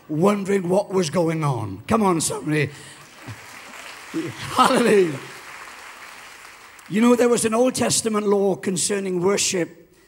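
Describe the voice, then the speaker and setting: A man's voice: sits high, slightly rough. A Welsh man in his seventies preaching a sermon as a guest pastor, telling stories with exuberance and rallying the congregation. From Wales. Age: 70s. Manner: exuberant storyteller, rallies the crowd. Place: church.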